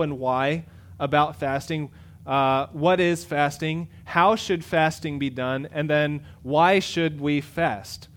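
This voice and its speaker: A male pastor giving a sermon to a congregation, talking in a loose, conversational way with frequent fillers and quick self-corrections. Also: fairly high pitch. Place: church sanctuary. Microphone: microphone in front of a congregation.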